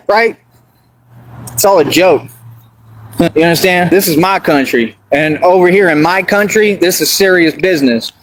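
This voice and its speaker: A man's voice: high-pitched, background noise. A man delivering a boastful, confrontational street rant, repeating himself and taunting his critics. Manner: swaggering, confrontational, repetitive.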